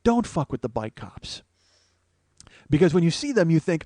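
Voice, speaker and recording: Brief: male podcast comic, higher-pitched, profane storytelling rant, dry booth sound. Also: very animated, moderate pace, no room sound. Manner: profane, ranting, swings between mumbled asides and loud outbursts. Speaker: podcast host. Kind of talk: comedic storytelling monologue.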